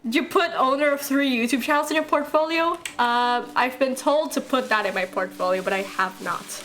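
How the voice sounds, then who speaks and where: A woman's voice: high voice, moderate pace, fairly bright tone, soft background music. A young woman streaming live, chatting casually and rambling while she draws, answering chat and laughing often. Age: young adult.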